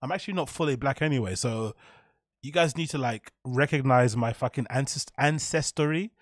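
A young man, streaming live and reacting to his chat in an animated, profane, mock-outraged way. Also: mid-range voice, moderate pace, dry recording, studio quality.

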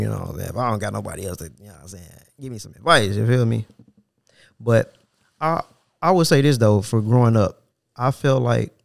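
A man's voice: mid-range voice, vocal fry, darkish tone, dry recording, studio quality. A young adult man with an African American Vernacular English accent, hosting a solo podcast in a casual, profane, rambling way. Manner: casual, profane, rambling, with frequent "you know what I'm saying". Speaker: podcast host.

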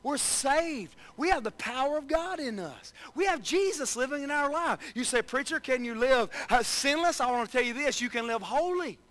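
Male pastor, very high bright voice, builds to shouts, chats with the pews. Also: lively intonation, moderate pace, hardly any pauses, poor audio. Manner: preaching with rising, shouted emphasis and many asides to the congregation. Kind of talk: sermon.

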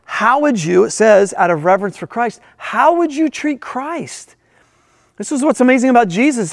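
A man's voice: high voice, gravelly, no echo, studio quality. A male pastor preaching a sermon in a church, emphatic and full of rhetorical questions.

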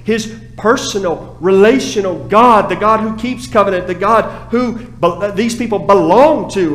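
A man preaching a sermon as pastor, passionate, dropping to a hush and then rising again. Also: high-pitched, unhurried, hardly any pauses, roomy sound, low-quality recording. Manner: impassioned preaching, swings from hushed to raised. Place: church sanctuary.

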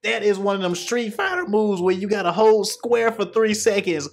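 High, lively mocking reaction host, man. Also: moderate pace. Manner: profane, mocking, excitable trash talk. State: hoarse, losing his voice. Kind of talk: casual reaction commentary.

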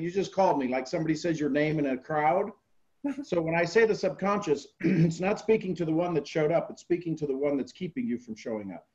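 A man's voice: fairly high pitch, a little mellow, muffled recording. A man hosting a group call, giving earnest motivational coaching and repeating key phrases.

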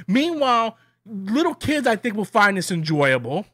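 A man's voice: sits high, very animated, moderate pace, a bit bright, dry recording, clean studio sound. A man giving an annoyed, opinionated movie review in a rambling way, full of restarts and repeated words. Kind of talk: casual ranting review.

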